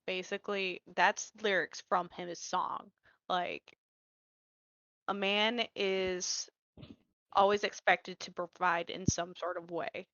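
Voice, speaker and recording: Slow, hesitant woman podcast co-host. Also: on the low side, flat delivery, fairly bright tone, dry recording, muffled recording. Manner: hesitant, lots of "um" and restarts. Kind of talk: casual chat.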